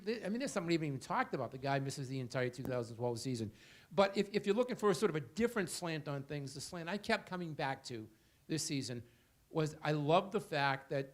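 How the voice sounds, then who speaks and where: A man speaking as a panelist at a live event in a hotel, arguing his case with rhetorical questions. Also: a little high. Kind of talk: panel discussion.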